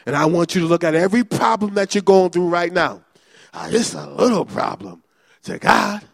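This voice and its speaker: A male pastor preaching a fervent, repetitive sermon that builds to shouting. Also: high voice, lively intonation, moderate pace, creaky, dry recording, clean studio sound.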